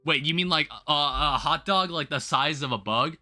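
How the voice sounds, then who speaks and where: A young man hosting a game livestream, chatting casually to his viewers in a rambling, animated way, full of restarts and quick laughs. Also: fairly high pitch, faint music behind. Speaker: livestream host.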